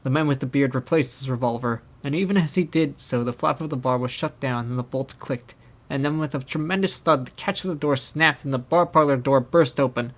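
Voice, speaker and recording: Young male audiobook narrator, steady measured reading, mid-pitched voice. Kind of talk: scripted narration.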